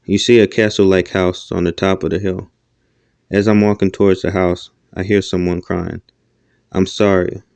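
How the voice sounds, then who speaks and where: Deep, gravelly, monotone male narrator. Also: moderate pace, dry recording. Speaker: audiobook narrator. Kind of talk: first-person audiobook narration.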